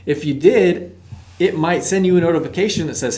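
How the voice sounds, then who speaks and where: A man's voice: high-pitched, fairly quick, a little mellow. A man co-hosting a casual tech lesson, explaining step by step with playful asides. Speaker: co-host explaining iPhone basics. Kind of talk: casual educational chat.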